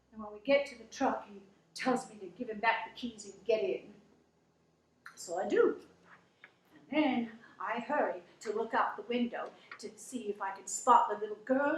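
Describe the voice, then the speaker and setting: A woman's voice: high-pitched, a bit bright, roomy sound, low-quality recording. An actress playing a down-to-earth working wife who finally stands up for herself, telling her story in an earnest, emotional monologue. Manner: slow, emotional, earnest retelling.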